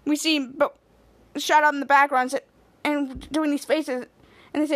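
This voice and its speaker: A woman's voice: high-pitched, little pitch movement, moderate pace. A woman podcast host casually recapping a TV episode scene by scene, quoting the characters as she goes.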